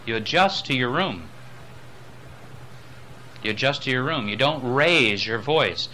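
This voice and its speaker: A man teaching a lecture on voice and speaking, dropping low and soft, then rising loud to show his points. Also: animated, a little slow, slight background noise. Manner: demonstrates voices, swings between soft and loud. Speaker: spiritual voice teacher. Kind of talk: recorded lecture on voice.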